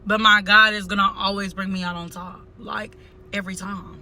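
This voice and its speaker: A woman's voice: mid-range voice, level tone, moderate pace, sharp tone. A young woman chatting casually to her viewers in a vlog, repeating phrases and calling them y'all, recorded outdoors on a phone camera. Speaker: vlogger.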